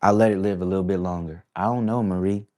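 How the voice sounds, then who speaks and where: A man's voice: deep voice, steady tone, quick pace, warm tone. A man from the East Coast of the United States, an artist talking casually to his viewers in a rambling, reflective way full of slang. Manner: rambling, reflective, peppered with "bruh" and "y'all". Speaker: artist vlogger. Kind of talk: casual talk to camera.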